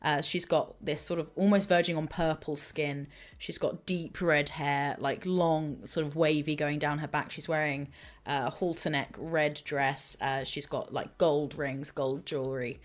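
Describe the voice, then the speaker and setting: A woman's voice: low-pitched, fairly even intonation, unhurried. A woman acting as game master, narrating a tabletop game in a loose, chatty way with many fillers.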